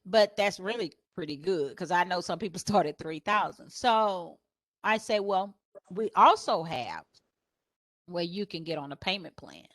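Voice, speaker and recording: A woman photographer sharing business advice on a panel. She tells stories and acts out her customers' questions in a higher voice, laughing often. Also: moderate pace, no room sound, clean studio sound. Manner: lively storyteller who acts out customers in a higher voice; laughs often while talking.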